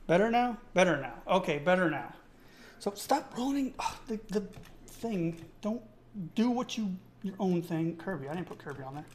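A man's voice: high voice, expressive, normal speed, a little hiss or hum. A man hosting a casual live-streamed tech tutorial, chatty and enthusiastic, thinking aloud and often checking in with his chat.

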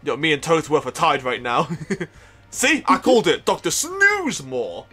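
Young male streamer, joking, laughing a lot, bright voice, lively pitch. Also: normal speed, soft background music. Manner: joking, laughs often, swears casually. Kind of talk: live-streamed let's play.

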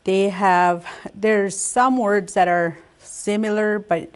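An older woman teaching a language lesson, speaking slowly and carefully, saying each word twice before she explains it. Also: medium pitch, fairly even intonation. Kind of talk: slow spoken language lesson.

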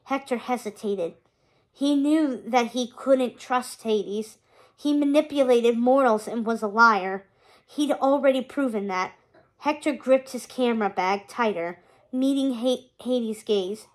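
High-voiced woman reading a storybook slowly. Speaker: read-aloud narrator.

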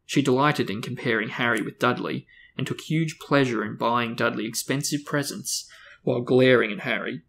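A man hosting a book discussion, reading a novel aloud with steady, even storytelling. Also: mid-range voice, normal speed, vocal fry.

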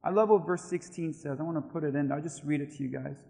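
A man's voice: a little high, fast, gravelly, mellow, in a large hall. A male pastor reading scripture aloud and preaching a sermon, leading his congregation in prayer and call-and-response. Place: church.

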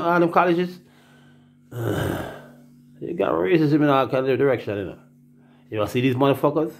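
A man's voice: medium pitch, vocal fry, darkish tone. A man with a Jamaican accent, telling rambling, profane stories in casual talk and acting out the voices he quotes.

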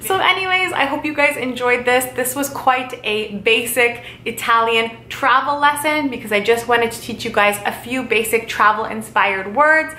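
A woman giving a casual video language lesson, chatty and friendly, repeating phrases slowly and carefully. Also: on the high side, pushed and bright, slight background noise. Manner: slow, careful repetition of phrases. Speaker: language teacher. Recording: roomy echo.

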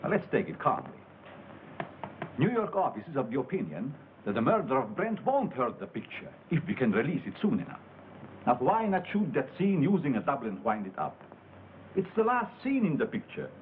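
A man's voice: medium pitch, sing-song, fairly quick, close to an everyday voice. An actor playing a studio executive who patiently talks others into his plan. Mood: persuasive. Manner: placating, persuasive. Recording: tinny old film soundtrack with hiss.

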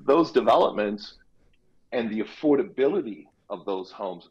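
A man speaking as a real estate guest on a radio interview, explaining things in an easygoing way with quick asides. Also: on the low side, lively intonation, breathy edge. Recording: dull lo-fi line.

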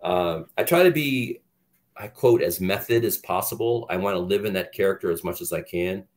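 A man's voice: low voice, expressive, moderate pace. A middle-aged man, an actor guest in an interview, telling candid stories in a rambling, casual way with lots of restarts.

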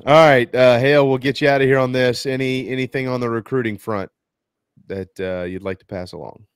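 Affable sports-show host, dry close mic. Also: male voice, mid-range voice, fairly even intonation, a little fast, clear, resonant tone, no echo. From South Carolina Lowcountry. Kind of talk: casual sports talk.

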